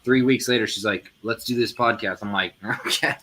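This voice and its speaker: Man guest, husky voice, lively pitch, teasing jokes, bright tone. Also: normal speed. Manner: joking, teasing asides. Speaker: panel guest. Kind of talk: casual group chat.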